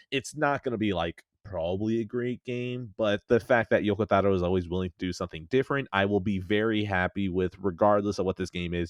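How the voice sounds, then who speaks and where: A man's voice: on the low side, no echo. A man hosting a casual podcast chat, rambling and self-mocking, swearing often. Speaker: podcast host.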